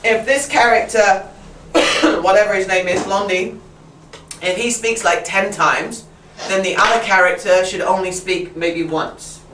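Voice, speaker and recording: A woman's voice: mid-range voice, a little slow, fairly bright tone, distant mic. A woman talks a room of fellow teachers through a classroom routine, laughing easily and slipping into her pupils' voices. She sounds set back from the mic in a roomy space, with a faint hum of room noise behind her. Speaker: teacher trainer. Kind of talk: workshop talk to fellow teachers.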